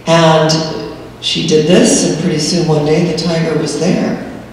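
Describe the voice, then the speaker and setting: A woman minister telling a fable in a sermon as an animated storyteller. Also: sits low, a little slow. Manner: animated storyteller, sings chants. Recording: echoey hall, distant mic, faint noise.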